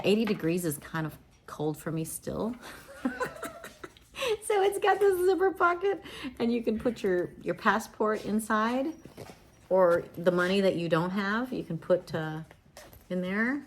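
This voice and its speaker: A woman's voice: on the low side, a little slow, slight background noise. A woman livestreaming at home, chatting casually in a rambling way with many restarts.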